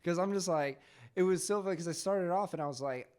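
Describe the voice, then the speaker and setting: A man's voice: high voice, fast, a little mellow, clear, resonant tone. A young man hosting a podcast, chatting loosely and swearing, calling his guest dude and bro. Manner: laid-back, profane, says dude and bro. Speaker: podcast host, comedian. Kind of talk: casual podcast banter.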